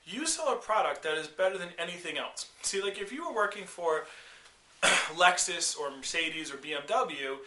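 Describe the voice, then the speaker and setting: A man giving an energetic sales training talk, constantly checking in with "okay?" and "all right?" and acting out little scenes. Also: sits high, normal speed, echoey room, very noisy. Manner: acts out customer and doctor voices.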